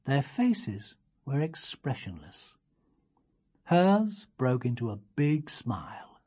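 Low, husky woman reading a storybook. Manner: expressive, gently measured. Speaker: reader. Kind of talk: storybook read-aloud.

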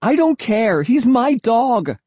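A man's voice: lowish voice, little pitch movement, normal speed, dark tone, husky, no echo. A man voicing a frightened, defiant young boy who pleads and screams for his dog. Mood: screaming.

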